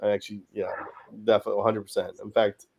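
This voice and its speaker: A man's voice: on the low side, level tone, very fast, a little mellow, highs cut off. A man hosting a casual podcast chat, blunt and profane, rambling from point to point. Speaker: podcast host.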